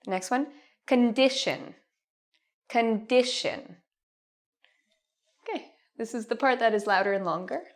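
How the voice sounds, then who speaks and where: A woman teaching a pronunciation lesson, stretching out model words slowly and clearly for learners. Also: mid-range voice. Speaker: English teacher.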